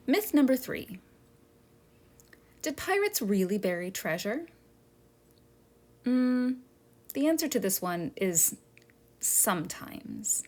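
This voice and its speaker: A woman's voice: fairly high pitch, sing-song, slow, long pauses. A woman museum educator, narrating a children's history lesson and asking her listeners friendly questions.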